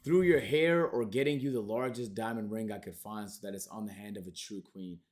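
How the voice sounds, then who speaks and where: A man's voice: on the low side, brisk, close to an everyday voice. A male streamer reading aloud, voicing a clingy, obsessed male superfan with pleading, overwrought delivery. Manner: pleading, overwrought, then shouting in anger.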